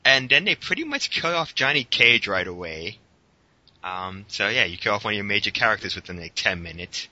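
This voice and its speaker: Bright-voiced man chatting about movies. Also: on the low side, lively intonation, brisk, no room sound. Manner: laughs often, rambling with fillers. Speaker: podcast co-host. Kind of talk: casual movie review chat. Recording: dull lo-fi recording.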